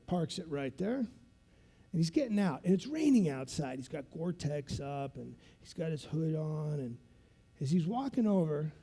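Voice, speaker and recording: A man giving a conference keynote, telling a story in an animated, dramatic way. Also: fairly high pitch, gravelly, breathy edge. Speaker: keynote speaker. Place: conference stage.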